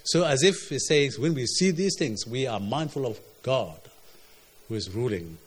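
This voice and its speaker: Halting male preacher, rising and falling. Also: medium pitch, animated, slightly rough. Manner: halting, repeats words, rises and falls in volume. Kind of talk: sermon.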